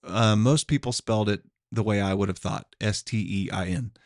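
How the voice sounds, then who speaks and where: A middle-aged man from Oklahoma with an Oklahoma accent, hosting a podcast in a relaxed, meandering chat with easy chuckles. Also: lowish voice, fairly quick, dry recording, studio quality. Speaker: podcast host. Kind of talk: casual chat.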